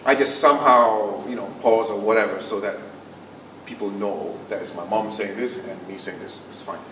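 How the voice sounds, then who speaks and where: A man leads a speech workshop for a club audience in a meeting room, projecting without a microphone and dropping to a near-whisper for emphasis. His pitch is fairly low, his intonation fairly even, his speed normal. Recorded from a distance, the sound is roomy with faint room noise.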